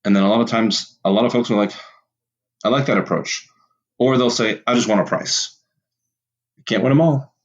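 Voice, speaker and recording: A man's voice: medium pitch, moderate pace, long pauses, muffled recording. A man who owns an auto repair shop, a guest on a podcast, talking casually. He often restarts his sentences and acts out his talks with customers.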